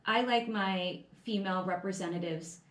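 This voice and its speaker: A woman's voice: medium pitch, normal speed. A woman co-hosting a podcast in casual chat, emphatic and indignant, often agreeing. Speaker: podcast co-host. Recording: echoey room.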